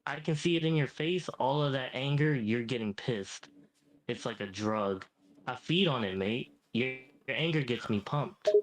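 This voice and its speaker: In this AI chatbot role-play, a smug ancient devil brags and condescends, calmly cocky, dropping "mate" again and again. The male AI voice is neither deep nor high, keeps an even tone at a moderate pace, and is lightly acted; the low-quality recording carries slight background noise.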